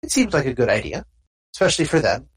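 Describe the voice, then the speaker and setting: A game master voicing a calm, nonchalant man who guards a book of memories and talks in a soothing, cryptic way. The voice sits higher than the game master's own. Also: fast talker, breathy edge, low-quality recording.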